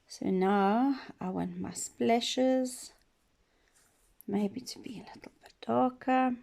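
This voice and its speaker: A woman giving a patient painting lesson for children, gently asking questions and dropping to soft whispers as she works. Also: on the high side, takes it slowly, creaky. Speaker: children's art teacher. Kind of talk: slow painting demonstration for children.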